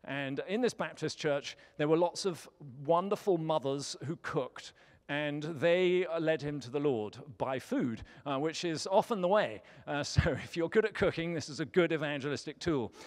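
Preacher in a reverberant church. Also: male voice, a little high, normal speed. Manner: storytelling, lightly humorous. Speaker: pastor. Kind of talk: sermon. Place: church sanctuary.

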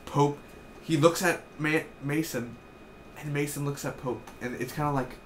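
A young man giving an excitable, rambling casual review of a TV episode, with lots of fillers. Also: on the high side, moderate pace, slight background noise.

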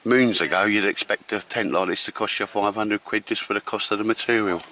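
A man's voice: fairly low pitch, steady tone, brisk, pushed and bright. A man giving a chatty, slangy camping vlog walkthrough at a campsite, often addressing the viewers as ladies and gents. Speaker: vlogger. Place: outdoors at a campsite.

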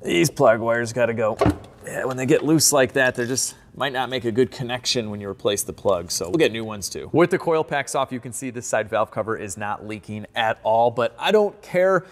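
A man hosting a car-repair video who explains his work casually and jokes between tasks, sometimes letting out excited whoops. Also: mid-range voice, normal speed, slight background noise. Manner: upbeat and joking, with sudden excited whoops. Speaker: host and car mechanic. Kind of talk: casual repair vlog commentary. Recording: echoey garage reverb.

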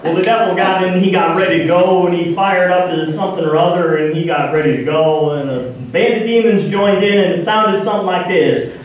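A man's voice: sits high, brisk. A man doing a folksy comic story at a church variety show, joking and breaking into sung parodies. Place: church hall. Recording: echoey hall, distant mic.

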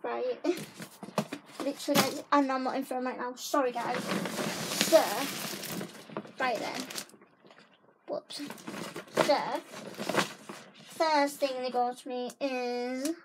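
High, gushing young woman vlogging. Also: steady tone, slow pace, long pauses, very noisy. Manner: gushing, chatty, keeps saying guys. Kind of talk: casual haul vlog. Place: bedroom at home.

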